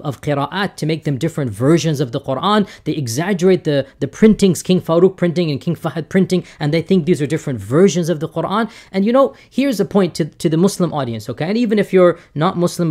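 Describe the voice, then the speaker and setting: A man's voice: fairly high pitch, a little mellow. A man who is an Islamic scholar, giving an emphatic, defensive video statement with repeated phrases. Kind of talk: lecture-style video statement.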